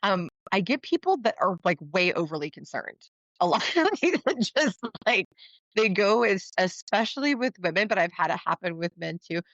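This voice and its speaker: A woman's voice: big pitch swings, normal speed, a bit bright, no room sound. Chatty woman guest, dull dry sound. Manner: chatty, laughs often, acts out quotes in a higher voice. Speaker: podcast guest. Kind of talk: casual interview conversation.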